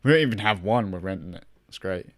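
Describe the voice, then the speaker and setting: A man's voice: deep voice, lively intonation, fast talker. A young man chatting casually with his stream viewers, rambling, swearing a lot and laughing often. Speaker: gaming streamer.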